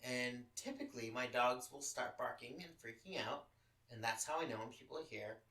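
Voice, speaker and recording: A man's voice: medium pitch, normal speed, pushed and bright, roomy sound, far from the mic, poor audio. A man from Los Angeles hosting a podcast, telling a personal story in casual chat, candid and full of swearing. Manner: profane, candid, emotional storytelling. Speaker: podcast host.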